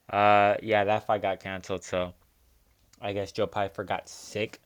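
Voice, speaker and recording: A man's voice: fairly low pitch, flat delivery, a little slow. A young man hosting a casual solo fight recap, talking in profane, heated rants full of fillers. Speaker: MMA recap host.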